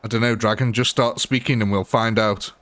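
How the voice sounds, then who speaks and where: A man's voice: on the low side, fairly even intonation, a little fast, a bit bright, dry recording. A man hosting a live gaming stream, blunt and joking, laughing often. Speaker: gaming livestream host. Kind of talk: casual live commentary.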